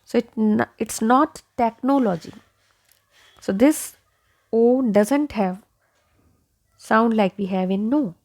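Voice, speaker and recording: A woman's voice: fairly high pitch, takes it slowly, long pauses, darkish tone. A woman teaching English pronunciation, repeating each word several times and checking in with 'okay?'. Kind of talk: slow pronunciation lesson.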